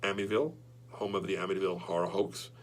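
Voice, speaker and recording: New guy, low-ish voice, rambling excitable podcast host, faint hum. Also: rapid-fire. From Long Island, New York. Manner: rambling, excitable storytelling with many restarts. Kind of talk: casual chat.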